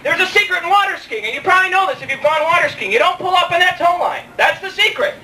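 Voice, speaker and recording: A man's voice: extremely high pitch, lively intonation, fast, bright, forceful tone, slight background noise. A young man performing a rambling, self-mocking stand-up comedy set, joking with the crowd in a club. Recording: distant mic in a live club, faint room ambience.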